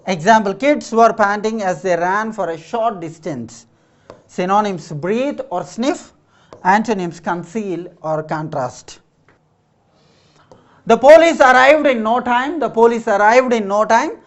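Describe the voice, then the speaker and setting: Teacher reading and explaining words, frequent "right?", mid pitch, dull lo-fi sound. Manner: explains each word slowly, often asks "right?". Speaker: English teacher. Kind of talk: classroom vocabulary lesson.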